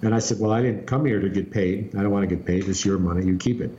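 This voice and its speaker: Lively storytelling man, low voice, roomy sound. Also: fast. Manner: animated storyteller, acts out quotes. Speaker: podcast co-host. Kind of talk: casual podcast chat, storytelling. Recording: roomy, dull lo-fi with faint hiss.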